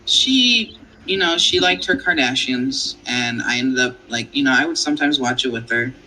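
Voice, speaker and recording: Man, interview guest; bright, forceful tone, rambling casual storytelling. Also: mid-range voice, moderate pace, soft background music, poor audio. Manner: rambling, animated retelling.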